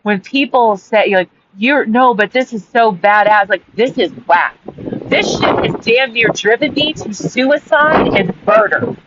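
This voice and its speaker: A woman's voice: on the high side, measured pace, fairly bright tone. A woman host telling a personal story in a heated, rambling monologue full of swearing. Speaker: author and podcast host. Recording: dull audio with faint background hiss.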